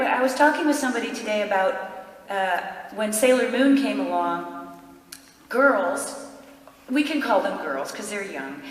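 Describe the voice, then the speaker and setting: A woman on a convention panel, answering in a chatty way and thinking out loud. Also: medium pitch. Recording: echoey hall from far off.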